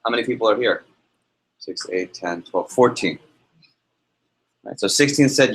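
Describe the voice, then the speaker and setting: A man's voice: fairly low pitch, unhurried, long pauses, poor audio. A man leading a live sales workshop to an audience in a meeting room, telling stories and asking the room questions. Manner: energetic, storytelling, asks the audience questions. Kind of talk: live motivational workshop talk.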